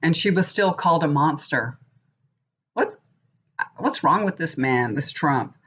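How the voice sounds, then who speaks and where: A woman's voice: low-pitched, expressive, a little slow, fairly bright tone, breathy edge. A woman in her fifties, a tarot reader and psychic, rambling in casual chat to camera and getting worked up as she talks. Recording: dull lo-fi recording.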